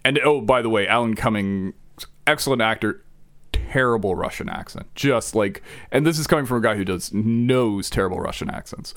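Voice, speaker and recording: A man's voice: lowish voice, normal speed, a bit bright, dry recording. Rambling male podcast host, dry sound. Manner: rambling, digressive storytelling with many restarts. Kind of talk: casual podcast chat.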